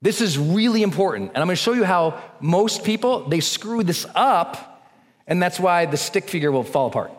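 Energetic male seminar speaker in a reverberant hall. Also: high-pitched, normal speed. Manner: energetic, coaching, leads the audience through breathing exercises. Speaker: motivational speaker. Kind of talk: live seminar talk to an audience. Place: large hall with a live audience. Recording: long reverb of a large hall.

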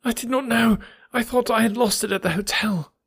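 Guy reading nervous young prisoner in an audiobook, kinda husky and higher voiced, dead dry sound. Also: brisk, dry recording. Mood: distraught. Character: young man, anxious prisoner confessing.

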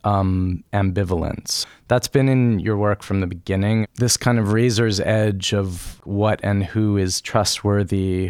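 A man hosting an interview, asking thoughtful, measured questions. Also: lowish voice, gravelly, clear, resonant tone, no room sound, clean studio sound. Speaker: interviewer host.

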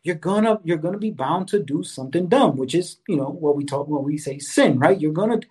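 A man's voice: on the high side, animated, fairly quick, darkish tone, husky. Earnest man talking about handling anger. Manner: earnest, repeats "right?" and "you know"; enjoys exercise, speaks of fitness. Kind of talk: casual conversational advice.

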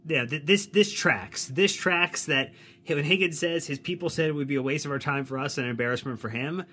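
A man with a bright, forward voice, co-hosting a casual podcast. He lays out his reasoning step by step with a wry edge. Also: fairly high pitch, brisk. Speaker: podcast co-host.

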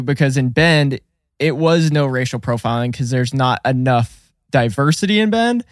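A young man telling stories in casual podcast chat, profane and animated. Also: mid-range voice, moderate pace, no room sound, studio quality.

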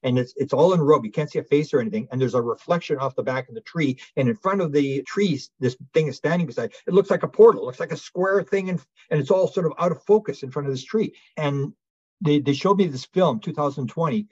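A man being interviewed as a guest researcher, telling a long story in an animated way, often restarting his sentences. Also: on the high side, fast, slightly rough, dry recording, lo-fi sound.

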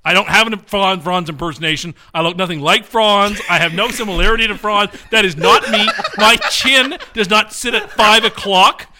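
A man co-hosting a casual podcast chat, playful and quick to get defensive when teased. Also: sits high, background noise. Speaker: podcast co-host. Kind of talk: casual chat, doing celebrity impressions.

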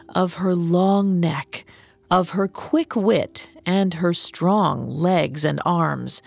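Slow gravelly woman narrating a myth. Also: on the low side, a little mellow. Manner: slow, measured, dramatic. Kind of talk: scripted storytelling narration.

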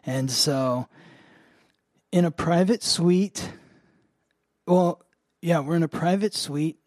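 A man with a slightly high voice chats casually, rambling through a story with constant fillers and easy laughs. The recording is dry and close, with no room sound. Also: slow, darkish tone, no room sound. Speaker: astrology podcast host.

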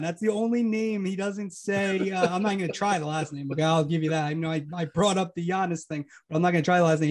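A man co-hosting a sports media podcast in casual chat, quick and teasing as he argues his points. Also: on the high side, a little mellow.

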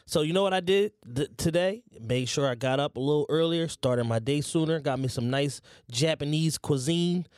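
Joking young podcast co-host. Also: male voice, on the high side, moderate pace, few pauses, darkish tone, clean tone, no room sound, studio quality. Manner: joking, laughs often. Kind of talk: casual chat.

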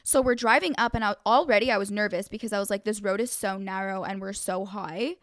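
A young woman co-hosting a podcast, telling a story in a lively, animated way with lots of "like.". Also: mid-range voice, fairly quick, no room sound, clean studio sound. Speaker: podcast co-host. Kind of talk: casual chat.

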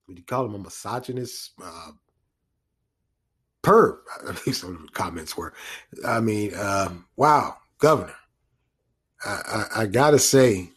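A man talks through the news in a loose, off-the-cuff way. He restarts his sentences, drifts into asides and chuckles at his own remarks. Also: mid-range voice. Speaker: commentator. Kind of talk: casual news commentary monologue.

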